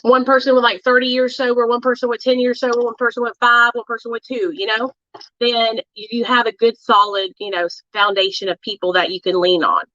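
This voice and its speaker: A bright, forceful woman's voice, talking loosely to her livestream viewers and leaning on fillers as she goes. The sound is dry and a little dull, with a lo-fi feel close to the mic. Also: on the high side, little pitch movement, fairly quick, no echo. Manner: chatty, addresses viewers, many fillers. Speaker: livestream host. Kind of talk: casual livestream chat.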